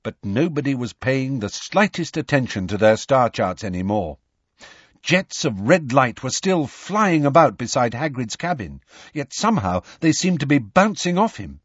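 Male narrator, husky, lively delivery, dry and slightly dull recording. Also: mid-range voice, normal speed, no echo. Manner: lively, expressive storytelling. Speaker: audiobook narrator. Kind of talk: scripted narration.

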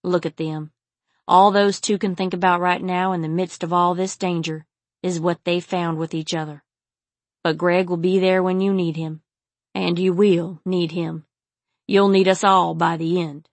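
A woman voicing a calm, wise male guide. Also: lowish voice, a little slow, dry recording. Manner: firm, soothing. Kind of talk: audiobook character reading.

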